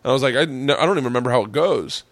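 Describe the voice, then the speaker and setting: A man hosting a podcast, a comedian telling stories in casual chat with animated quoted voices. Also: mid-range voice, very fast, no room sound.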